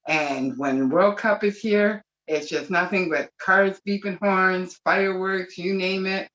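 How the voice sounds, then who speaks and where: A woman's voice: mid-range voice, steady tone, measured pace, a bit bright. A woman speaking on a video call, rambling and gushing with emotion. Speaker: webinar participant. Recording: dull lo-fi call audio.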